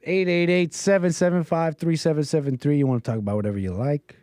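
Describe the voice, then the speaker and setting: Man, livestream host, slightly sick, rambling, chuckling, fairly high voice, dry close mic. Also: steady tone, quick pace, dark tone, no echo. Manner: rambling, chuckling, self-interrupting. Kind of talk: casual call-in stream commentary.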